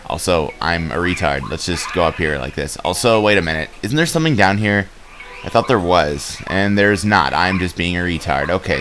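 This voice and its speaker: A young man talks his way through a video game in a low, deep voice. He rambles, jokes and restarts his sentences, filling gaps with "um" and "uh". Game music plays clearly underneath him. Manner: rambling and joking, with many fillers and restarts. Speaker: let's play gamer. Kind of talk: casual game commentary. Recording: game music playing behind.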